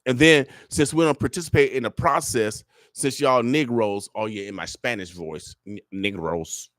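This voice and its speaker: A man's voice: medium pitch, normal speed, a bit bright, no room sound, clean studio sound. A man giving a fiery, preacher-like radio monologue full of repeated phrases. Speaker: radio show guest speaker.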